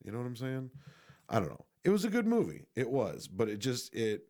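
A man's voice: mid-range voice, wildly swooping pitch, fairly quick, warm tone. A young man giving a casual, rambling movie review, swearing freely and restarting his sentences often. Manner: rambling, profane, frequent restarts and fillers.

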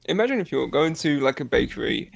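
A man's voice: fairly high pitch, sing-song, quick pace, gravelly, over a noisy crowd. A man chatting casually on a podcast, joking and spinning absurd hypotheticals. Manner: jokey, builds absurd hypotheticals. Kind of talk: casual chat.

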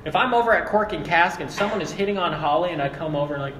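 A young man preaching a sermon as a pastor, animated and acting out quoted voices. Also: on the high side, fast, hardly any pauses, a crowd in the background. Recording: echoey hall, mic far off.

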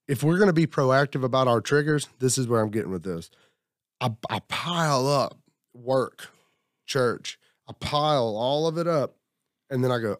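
A man's voice: mid-range voice, lively intonation, brisk, dry recording, clean studio sound. A man talking about his week at a table, rambling and acting out what others said. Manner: rambling, self-reflective, acts out quotes. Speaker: group member sharing. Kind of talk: casual group talk.

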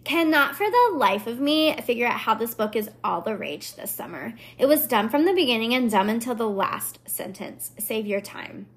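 A woman's voice: on the high side, animated, normal speed, hardly any pauses, close to an everyday voice. A woman voicing a snippy young female book critic with a dismissive Valley Girl drawl. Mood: scornful.

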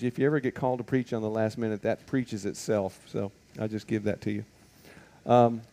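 Man, Bible teacher, relaxed warm tone, chatty, rhetorical questions, frequent ums and uhs. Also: mid-range voice. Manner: conversational, full of rhetorical questions and fillers. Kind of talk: casual Bible teaching to a group.

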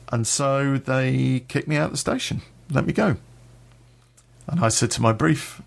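A man's voice: mid-range voice, unhurried, gravelly. A man telling a personal story in a blunt, sweary way, with a laugh now and then.

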